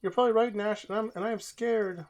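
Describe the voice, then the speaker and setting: Man doing earnest young female mage, pitched up, steady and determined. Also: fast talker, natural voice. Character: earnest young woman mage, guild heir.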